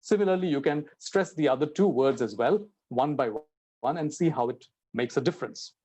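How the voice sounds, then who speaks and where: A man's voice: on the high side, normal speed, a little mellow, slightly rough. A man giving a spoken English lesson, explaining and acting out example sentences with changing intonation and stress. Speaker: teacher.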